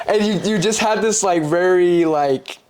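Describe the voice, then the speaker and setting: A young man as a podcast guest, talking casually and telling stories with lively put-on voices for the people he quotes. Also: sits high, unhurried. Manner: animated storytelling, acts out quoted voices, swears casually. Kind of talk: casual conversation.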